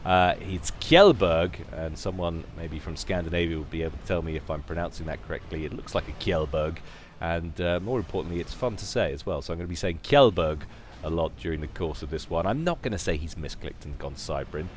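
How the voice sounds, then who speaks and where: Low-voiced man casting a game. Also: quick pace, a little hiss or hum. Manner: chatty, joking, self-deprecating. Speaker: game commentator. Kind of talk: casual video game commentary.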